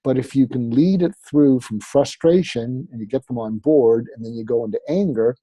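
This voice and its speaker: A man's voice: mid-range voice, normal speed, mellow, husky, dry recording. A man, a psychiatrist and author, explaining advice as an interview guest in a conversational way, often with fillers. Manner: conversational, acts out sample dialogue, frequent fillers.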